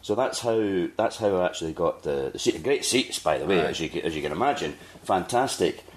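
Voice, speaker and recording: Deep-voiced Scottish man telling a story. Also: a little fast. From Scotland. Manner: animated anecdote-telling, acting out quotes. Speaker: podcast host. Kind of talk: casual storytelling chat.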